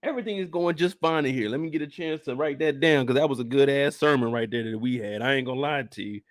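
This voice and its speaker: A man hosts a comedic reaction rant about a TV episode, swearing freely, bursting into laughter often, and staying animated throughout. His mid-range voice moves fast, and the recording is clean studio sound with no echo.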